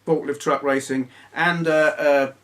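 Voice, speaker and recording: A man's voice: on the high side, steady tone, measured pace, a bit bright. A man in his thirties chatting casually in a vlog, telling grumbly stories in a blunt, swearing manner. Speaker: retro gaming YouTuber. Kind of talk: casual rambling vlog chat.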